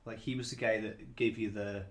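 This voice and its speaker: Podcast co-host, man, lowish voice, casual conversational delivery, restarts sentences. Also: level tone, normal speed. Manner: conversational, repeats words when starting sentences. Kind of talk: casual chat.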